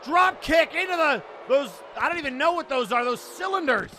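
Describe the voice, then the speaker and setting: A man calling a wrestling match play by play, often breaking into excited shouts. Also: very high voice, moderate pace, few pauses. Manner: excitable, shouting during big moments. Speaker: wrestling commentator. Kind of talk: play-by-play commentary. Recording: crowd and loud background noise.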